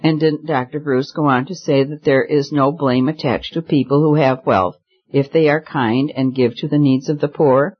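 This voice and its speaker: A man's voice: on the high side, steady tone, moderate pace, breathy edge. A man voicing a spoiled, bored rich young woman who talks carelessly and with petulance, in a slightly muffled recording. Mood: petulant.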